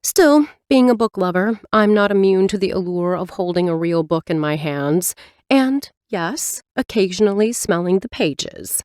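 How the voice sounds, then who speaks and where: A woman narrating a novel in the first person, light and reflective, her voice moving with lively pitch. The recording is close and dry, with no room sound around her. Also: a little slow, clean tone, dry recording. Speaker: audiobook narrator.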